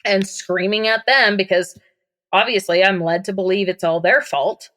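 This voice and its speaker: A woman's voice: medium pitch, steady tone, moderate pace, a bit bright. Candid young woman telling her story. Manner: casual, frequent "like" fillers, candid. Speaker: podcast guest. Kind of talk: personal storytelling.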